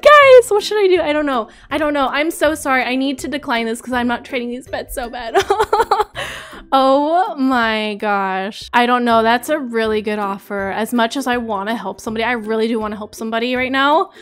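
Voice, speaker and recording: A young woman doing gameplay commentary as a YouTuber, excitable and gushing, often apologetic. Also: on the high side. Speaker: gaming YouTuber.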